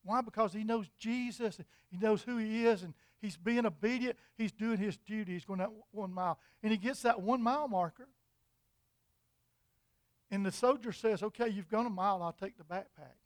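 A man preaching a sermon, telling an imagined story in an animated, repetitive way. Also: high voice, moderate pace, dry recording.

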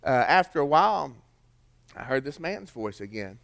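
A man's voice: medium pitch, big pitch swings, moderate pace, creaky, fairly bright tone. An older man, preaching a sermon in a folksy storytelling way with rhetorical questions. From American South. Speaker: pastor.

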